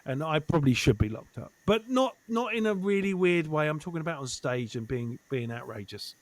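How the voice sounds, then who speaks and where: A man guesting on a podcast, chatting casually as an animated storyteller who swears and acts out quoted voices. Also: on the high side, a little fast, no room sound. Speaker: guest comedian.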